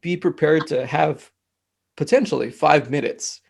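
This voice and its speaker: A man, a mental health technician guest, talking in a relaxed, conversational way with plenty of fillers. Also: on the high side, measured pace, gravelly, slightly rough. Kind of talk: casual conversation.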